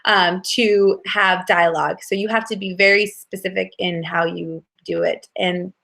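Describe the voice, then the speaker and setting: A woman's voice: on the low side, steady tone, a little slow, gravelly, fairly bright tone. A woman co-hosting a casual chat about writing, enthusiastic and repeating words for emphasis. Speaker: podcast co-host, author.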